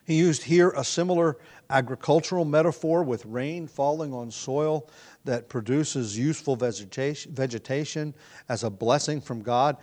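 A man's voice: mid-range voice, darkish tone. A man with a nagging cough, preaching an earnest expository sermon, often restarting phrases with fillers. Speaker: pastor.

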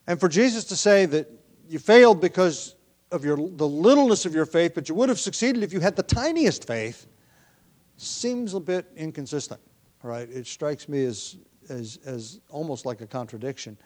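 A man preaching a verse-by-verse Bible sermon in a conversational, thinking-aloud way, with frequent ums, restarts and throat clearing. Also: on the high side, animated, normal speed, a little mellow.

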